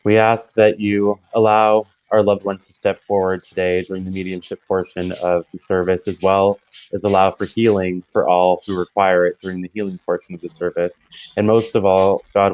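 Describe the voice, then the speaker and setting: A man in his thirties, a minister and medium, offers a calm, earnest prayer and then chats in a relaxed way with plenty of ums. His voice is fairly low. It comes through a dry, dull, lo-fi video call. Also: no room sound. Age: 30s. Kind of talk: spoken prayer and casual introduction.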